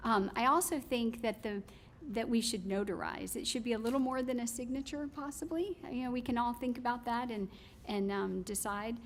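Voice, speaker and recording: A woman with a fairly high voice speaks at a county commission podium, telling her story with animation and stumbling through ums and restarts. There's a faint hum of room noise behind her. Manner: animated storytelling, many fillers. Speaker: public commenter. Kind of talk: public comment at a county meeting.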